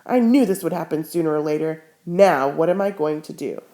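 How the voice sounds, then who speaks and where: A woman's voice: deep voice, animated, fairly quick, warm tone. A woman reading a guarded teenage boy. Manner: stern, then anxious and evasive.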